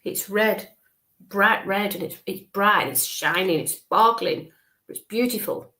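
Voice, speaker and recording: Woman, spiritual medium, live online reading, average pitch, soft and reassuring, repetitive, frequent check-ins. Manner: describes visions slowly, checks in with frequent okays.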